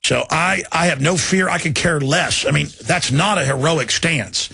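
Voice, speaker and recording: A male talk radio host ranting with urgency, his voice raspy and gravelly, forceful and fairly high. He pleads and presses his listeners in a long indignant monologue. The sound is dry and close, with faint music underneath. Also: normal speed, no echo.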